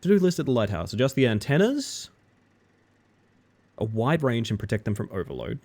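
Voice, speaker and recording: A man's voice: mid-range voice, sing-song, normal speed, a little mellow. A young man streaming a game, chatting playfully and joking directly with his viewers. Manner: playful, joking, talks straight to chat. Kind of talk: casual live-stream chat while gaming.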